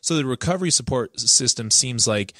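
A man co-hosting a podcast in casual discussion, animated and acting out quoted voices. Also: mid-range voice, fairly quick, no echo, clean studio sound.

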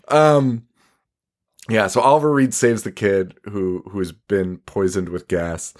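His voice sits on the low side, with fairly even intonation and a slightly slow delivery. As a podcast co-host, he casually recounts a movie, rambling along with lots of swearing, laughter, and mock quotes.

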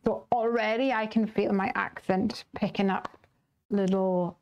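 A woman with a soft Northern Irish accent chatting casually while she makes cards on a live stream and answers viewer comments. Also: mid-range voice, steady tone, measured pace, highs cut off. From Northern Ireland. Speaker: live stream craft host. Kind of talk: casual chat while demonstrating card making.

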